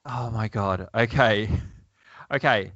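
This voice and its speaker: A man's voice: fairly low pitch, slow pace, a bit bright, dry recording. A man hosting a podcast, reading a comic aloud in casual chat, wry and chuckling, with plenty of fillers. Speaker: podcast host. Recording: dull lo-fi, dry.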